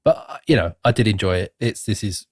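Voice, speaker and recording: A man's voice: fairly low pitch, expressive, brisk, breathy edge, no room sound. A man co-hosting a podcast, chatting in a dry, matter-of-fact way about films. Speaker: podcast co-host. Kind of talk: casual film chat.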